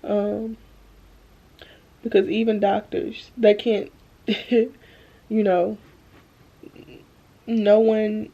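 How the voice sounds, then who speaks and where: A young woman talks earnestly to her viewers on a phone camera at home, drained and holding back tears, slow and halting. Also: mid-range voice, level tone, breathy edge, dull audio. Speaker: vlogger. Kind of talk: emotional faith-filled vlog talk. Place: at home, bedroom.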